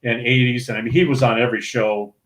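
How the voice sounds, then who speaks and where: Laughing and restarting often, a former pro bowler from St. Paul, Minnesota, now an older man, spins an animated anecdote as a podcast guest. He talks fast at a medium pitch, and the room gives the recording an echo.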